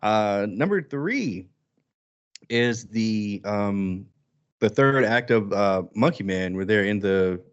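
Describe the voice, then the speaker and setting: A man co-hosting a podcast in casual chat, animated and quick to act out quoted lines. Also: on the low side, clear, resonant tone, muffled recording. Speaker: podcast co-host.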